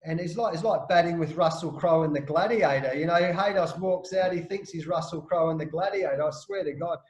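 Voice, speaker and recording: A middle-aged Australian man, a former cricketer, telling animated stories with restarts in a casual interview. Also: a little high, brisk, roomy sound, dull audio. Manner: animated anecdotes with frequent restarts and laughs.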